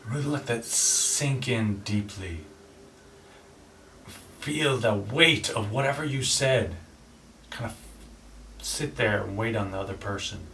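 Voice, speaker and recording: A man's voice: on the low side, takes it slowly, long pauses, pushed and bright. A man hosting his channel, casually reviewing a negotiation book and demonstrating tones of voice, often restarting his sentences. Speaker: channel host. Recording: roomy echo, voice from a distance with faint ambient noise.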